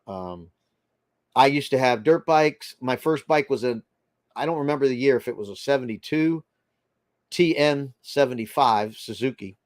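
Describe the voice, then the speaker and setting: A man's voice: medium pitch, animated, normal speed, no echo. Older man chatting on a dry livestream. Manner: rambling, chatty, reads viewer comments aloud. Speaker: livestream host reading chat. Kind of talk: casual livestream chat.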